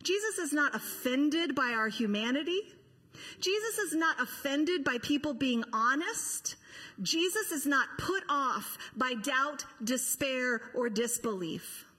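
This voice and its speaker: A woman's voice: high-pitched, expressive, unhurried, pushed and bright, big-room sound. A woman pastor preaching a sermon to her church, impassioned and rhetorical, with acted-out quotes.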